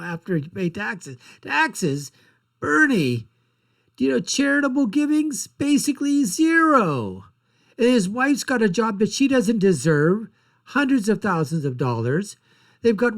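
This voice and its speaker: A man hosting a political commentary show, ranting in a blunt, sarcastic and mocking way. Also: high voice.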